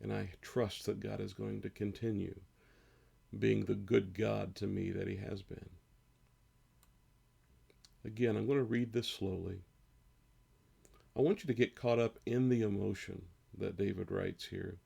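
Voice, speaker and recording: A man in his fifties, a pastor, speaking earnestly and slowly in a devotional sermon and reading scripture aloud. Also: lowish voice, steady tone, mellow. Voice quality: gravelly, husky. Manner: slow, earnest, rises on emotional lines.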